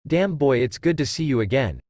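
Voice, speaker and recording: A man voicing a gruff older male mentor who switches between gentle and snarling. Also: medium pitch, animated, no room sound, lo-fi sound, close to an everyday voice. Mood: intense. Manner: gentle yet quick to snarl.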